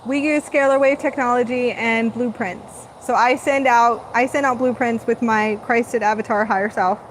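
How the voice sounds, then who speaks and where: Woman, spiritual channeling host, rambling and dreamy, slightly high pitch, faint background noise. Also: fairly even intonation, normal speed, rough recording. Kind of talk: live spiritual channeling talk.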